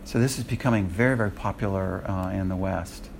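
A man's voice: deep voice, fairly quick, creaky, a little hiss or hum. An American man lecturing a Bible class in a conversational way, often checking that his students follow. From United States. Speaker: Bible teacher.

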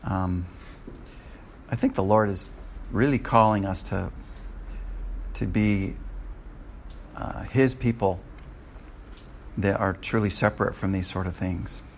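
Gravelly-voiced older man teaching scripture. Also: deep voice, takes it slowly, long pauses, slight background noise. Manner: conversational, with frequent restarts. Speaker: Bible teacher. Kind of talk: Bible study sermon.

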